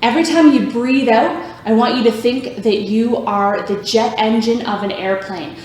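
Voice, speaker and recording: A woman's voice: a little high, normal speed, a little mellow, a little hiss or hum. A woman leading a children's yoga class, cheerful and encouraging, making animal sounds to guide the poses. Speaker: youth yoga instructor. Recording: very echoey room.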